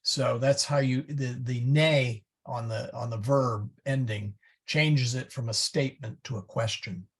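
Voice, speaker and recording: A man's voice: mid-range voice, fairly even intonation, measured pace, few pauses, breathy edge. A man teaching a small Latin class, thinking aloud as he clicks through slides and explains grammar. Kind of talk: informal class discussion.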